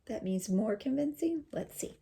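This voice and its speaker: A woman teacher reading a picture book aloud to children, slowly explaining words and asking questions. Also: fairly high pitch, animated, vocal fry, warm tone. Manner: slow, explains words and asks listeners questions. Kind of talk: children's read-aloud with commentary.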